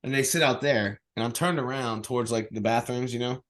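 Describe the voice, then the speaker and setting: A man's voice: mid-range voice, fairly even intonation, fairly quick, fairly bright tone. A man telling rowdy bar stories on a casual podcast. He swears freely, laughs often and acts out what people said. He talks into a home mic over a video call. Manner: laughing, profane storytelling with acted quotes. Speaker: podcast co-host, bartender. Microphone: remote call mic.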